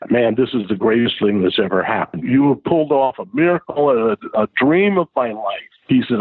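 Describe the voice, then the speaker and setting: A man telling a casual anecdote as a guest, acting out the people he quotes. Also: no room sound. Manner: lively, acts out quoted voices with big pitch jumps. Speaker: guest storyteller. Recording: tinny phone-like sound.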